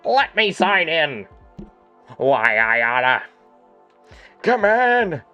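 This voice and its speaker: A man voicing a cranky old man yelling from his porch, blustering empty threats. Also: on the high side, big pitch swings, extremely slow, clear, resonant tone, muffled recording, soft background music, pitched above the performer's own voice, heavily acted. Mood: grumpy.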